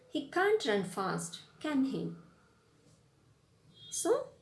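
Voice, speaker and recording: A woman's voice: on the high side, echoey room. A woman, a lecturer giving a recorded grammar lesson. She explains patiently and shows rising and falling tones in her own voice. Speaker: English lecturer.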